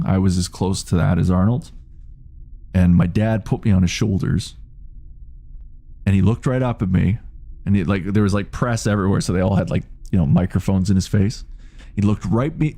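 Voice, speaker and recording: A man's voice: fairly low pitch, dark tone. A man in his late thirties chatting casually on a game live stream, rambling, swearing freely and reading out chat messages. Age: 30s.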